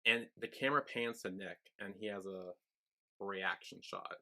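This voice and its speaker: A man's voice: lowish voice, moderate pace, bright, forceful tone. A man co-hosting a podcast, chatting casually as he recaps a TV episode scene by scene and acts out the characters' lines. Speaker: podcast co-host.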